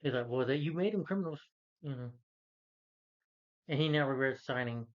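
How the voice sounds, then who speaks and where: This film reviewer, a man of medium pitch talking at a normal speed, rambles through a superhero film's storyline with plenty of fillers and false starts. He voices the characters' lines in his own ordinary voice, and the recording sounds muffled.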